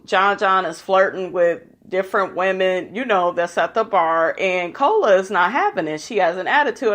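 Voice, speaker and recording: A woman's voice: medium pitch, a bit bright. Blunt, gossipy woman recapping a show. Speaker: vlogger recapping a reality show. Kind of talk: casual recap commentary.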